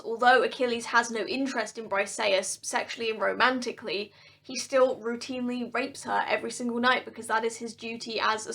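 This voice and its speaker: A woman's voice: a little high, fairly bright tone. A young woman talking casually to camera about books she has read, chatty and enthusiastic. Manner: chatty and enthusiastic, laughing often. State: tearful and emotional. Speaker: book vlogger. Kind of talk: casual vlog talk to camera.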